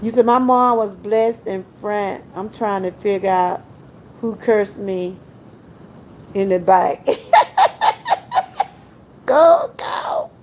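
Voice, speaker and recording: A woman's voice: medium pitch, fairly even intonation, takes it slowly, a little hiss or hum. An older woman, hosting a casual livestream, chatty and laughing often as she talks straight to her viewers. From Georgia, US. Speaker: livestream host.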